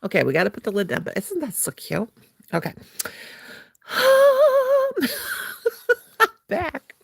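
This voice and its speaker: A woman's voice: medium pitch, sing-song, fairly quick, vocal fry, a bit bright, husky, no room sound, studio quality. A woman hosting a crochet livestream from home, chatting playfully and slipping into sing-song as she works. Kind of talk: casual livestream chat while crocheting.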